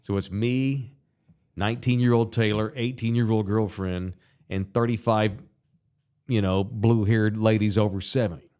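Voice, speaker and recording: A man, hosting a podcast in casual chat, loud and animated, swearing freely as he tells stories. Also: lowish voice, moderate pace, clean tone. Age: 40s. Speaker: podcast host.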